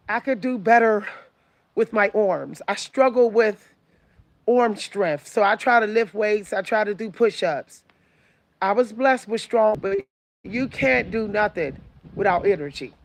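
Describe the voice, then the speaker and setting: A woman's voice: medium pitch, no room sound. A woman in her forties giving casual advice to her viewers, preachy and repeating herself for emphasis. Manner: preachy, repetitive, talks straight to the audience. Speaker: vlogger.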